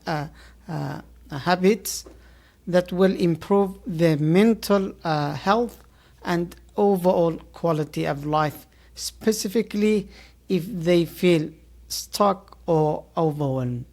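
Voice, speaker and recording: Slow, halting woman host. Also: low voice, darkish tone. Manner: halting, many "uh" fillers, formal praise. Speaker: podcast host. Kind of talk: podcast interview.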